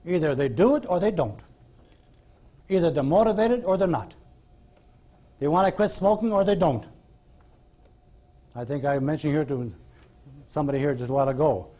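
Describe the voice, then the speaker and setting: A man with a slightly high voice lectures a room of students on hypnosis. He is blunt and folksy, and he acts out his sessions with clients as he tells them. It sounds like an old tape of a live class. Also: lively intonation, moderate pace, pauses often, mellow. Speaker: hypnosis instructor.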